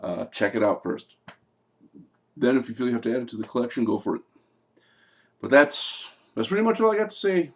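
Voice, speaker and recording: A man's voice: mid-range voice, lively intonation, fairly quick, pauses often. A man giving a casual, rambling movie review in a blunt, profane way, full of fillers and restarts.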